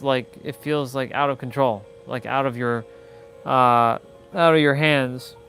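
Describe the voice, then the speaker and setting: Male livestream host, mid pitch, blunt and rambling, casual motivational talk over faint music. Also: fairly bright tone. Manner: rambling, blunt, lots of "like" and restarts. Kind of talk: casual live-stream monologue.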